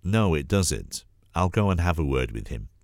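A man's voice: expressive, a little slow, no room sound, studio quality. A man with a cold voicing a kindly, motherly grandmother who soothes and scolds. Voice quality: cold-roughened deep voice. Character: kindly fussing old grandmother.

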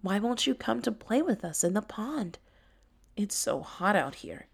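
A woman's voice: medium pitch, big pitch swings, measured pace, vocal fry, slightly rough, voice pushed up, full character voice. A woman voicing a cheerful, caring young female tiger in a storybook. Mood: concerned.

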